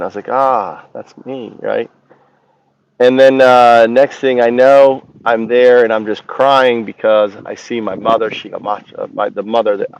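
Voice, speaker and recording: A man recounting his experience in a halting, rambling monologue, often stopping to search for words. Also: lowish voice, creaky, no echo. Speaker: channel host. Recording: dull lo-fi recording.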